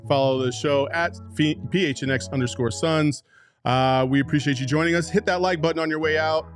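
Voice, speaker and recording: A man's voice: fairly high pitch, a little fast, soft background music. A man hosting a casual sports podcast, laid-back and teasing, laughing often as he chats. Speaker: podcast host.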